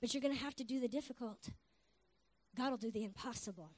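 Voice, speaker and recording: A woman preacher giving an exuberant sermon to a congregation, shouting praise between points. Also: on the high side, fast. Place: church before a congregation.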